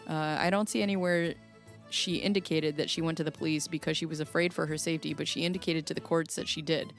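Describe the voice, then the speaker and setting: A playful woman hosts a casual live stream and chats with viewers as she reads their comments. She laughs a lot and drifts into goofy put-on accents. Her voice sits low for a woman, with faint music underneath. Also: steady tone, fast. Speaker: commentary host.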